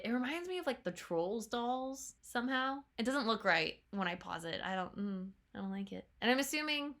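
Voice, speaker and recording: A young woman chatting casually as she reacts to a trailer, laughing often and slipping into quick playful voices. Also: medium pitch, sharp tone.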